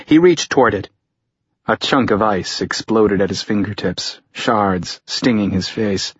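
A man narrates a thriller audiobook in measured, tense storytelling. His voice is low, husky and slowly paced. The recording is dry and close, with a dull lo-fi tone. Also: no room sound.

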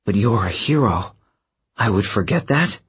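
A man reading aloud, voicing a frail, shaken middle-aged father in a low, quiet, trembling voice in a storybook. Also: lively intonation, a little slow, slightly rough, heavily acted.

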